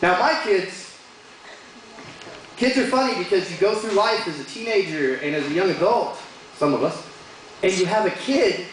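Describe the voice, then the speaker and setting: A man's voice: high-pitched, slight background noise. A man doing a stand-up comedy set in a bar, telling joking stories about his kids and putting on funny voices for them. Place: bar stage. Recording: very echoey bar room with crowd ambience.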